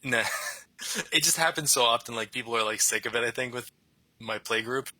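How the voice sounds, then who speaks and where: A man's voice: mid-range voice, brisk, sharp tone, no echo, rough recording. A young man chatting casually and rambling, often laughing as he talks. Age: young adult. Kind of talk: casual conversation.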